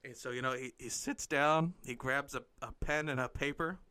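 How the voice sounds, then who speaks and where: A man's voice: medium pitch, steady tone, normal speed, bright, forceful tone, clear, resonant tone. A man improvising a comic story, rambling and playful, often breaking into giggles.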